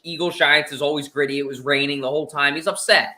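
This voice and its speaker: A man who is a guest on a casual sports podcast, telling stories in an animated way. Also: fairly high pitch, quick pace. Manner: animated storyteller.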